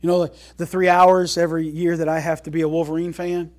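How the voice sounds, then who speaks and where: Animated folksy preacher, a man. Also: fast. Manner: swings between loud emphasis and quiet, low asides. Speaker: pastor. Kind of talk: sermon.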